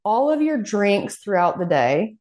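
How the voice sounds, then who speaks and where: A woman co-hosting a casual podcast, telling stories with lively quoted voices and frequent laughter. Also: mid-range voice, unhurried. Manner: animated storytelling, acting out quoted voices and laughing. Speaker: podcast co-host. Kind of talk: casual chat.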